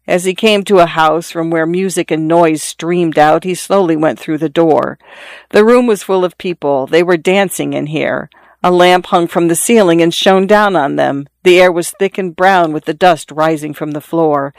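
A storybook narrator reading in a measured, even way. The voice sits in a middle pitch. The recording is dry, with no room sound. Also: no echo.

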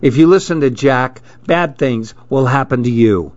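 A man's voice: medium pitch, moderate pace, darkish tone, dry recording, lightly acted. A man voicing a bossy, scolding girl in a smug tone, in a dull lo-fi recording.

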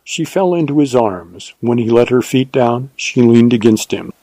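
Mellow male audiobook narrator. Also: mid-range voice, lively intonation, normal speed, dry recording, low-quality recording. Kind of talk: scripted narration.

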